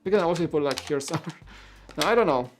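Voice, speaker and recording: A man's voice: on the high side, lively intonation, brisk, a little hiss or hum. A man whose first language is Polish, hosting a casual livestream as he builds. He rambles, stammers, repeats words and chuckles as he talks. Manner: chuckles often while talking. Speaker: livestream host.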